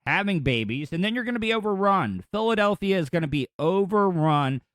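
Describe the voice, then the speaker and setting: A man's voice: high voice, expressive, a little fast, fairly bright tone, dry recording, clean studio sound. A man hosting a podcast, riffing crude jokes over news clips in a rambling, offhand way. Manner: rambling, crude joking asides. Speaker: podcast host. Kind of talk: comedic news commentary.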